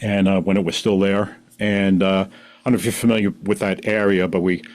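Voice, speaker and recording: A middle-aged man, a podcast guest, telling a long personal story in an animated, rambling way full of restarts. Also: low-pitched, a little fast. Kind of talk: casual storytelling.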